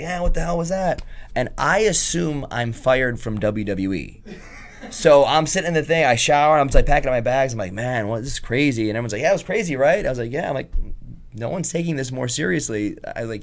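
A man's voice: medium pitch, a little fast. A man, a guest on a talk show, telling stories in casual chat and acting out the people he quotes. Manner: animated storyteller, acts out quotes.

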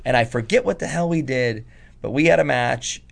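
A man's voice: mid-range voice, moderate pace, creaky. A man, a guest on a talk show, telling stories in casual chat and acting out the people he quotes. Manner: animated storyteller, acts out quotes.

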